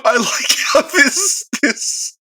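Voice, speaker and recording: A man's voice: very high-pitched, animated, slow pace, sharp tone, dry recording. A man co-hosting a podcast in casual chat, explaining things and teasing his co-host with dry humor.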